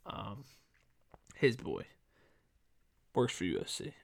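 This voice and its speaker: A man in his twenties hosting a sports podcast in casual chat, rambling with lots of fillers and restarts, his voice going a bit hoarse. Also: on the low side, wildly swooping pitch, slow pace. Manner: rambling, filler-heavy, self-correcting. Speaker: podcast host.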